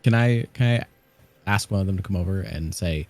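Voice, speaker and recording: A man playing a character in a tabletop game, speaking gently and hesitantly with stammers. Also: deep voice, normal speed, soft background music. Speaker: player.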